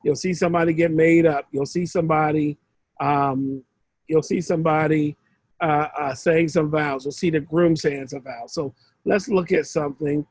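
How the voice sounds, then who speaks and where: A man's voice: on the high side, fairly even intonation, moderate pace, a little mellow, dry recording, low-quality recording. A man mentoring one student in a casual, rambling way over a video call, often restarting his sentences. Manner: rambling, conversational, with frequent restarts.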